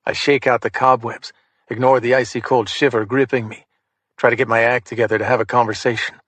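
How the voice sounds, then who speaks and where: A man reads a crime thriller audiobook in the first person, with a measured, hard-boiled delivery. His voice sits at a middle pitch. The recording is dry and close. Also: flat delivery, fairly bright tone, dry recording. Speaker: audiobook narrator.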